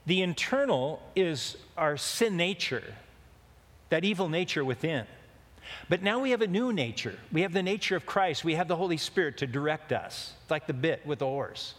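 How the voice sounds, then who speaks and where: In a long, reverberant hall, a man gives a sermon at normal speed in a fairly high, animated, fairly bright voice. He tells a rambling, humorous anecdote with folksy charm.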